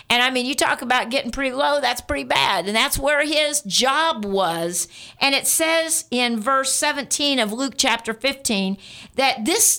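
A woman's voice: a little high, sharp tone. A woman preacher giving a sermon, speaking earnestly and directly to her listeners and repeating key points for emphasis.

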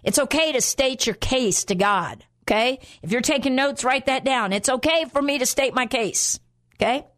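A woman preaching a sermon in an earnest, steady way. Her voice sits a little higher than most. She repeats phrases for emphasis as she works through her points. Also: moderate pace.

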